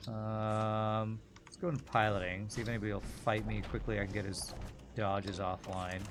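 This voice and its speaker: A man's voice: on the low side, level tone, moderate pace, background noise. A man streaming a video game, chatting casually and answering viewer questions while he plays. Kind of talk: casual gameplay commentary.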